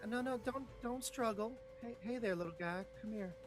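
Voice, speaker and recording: A man's voice: a little high, animated, fast, music in the background, close to an everyday voice. A man playing a vampire beguiler in a lifted, sing-song voice, coaxing and creepy.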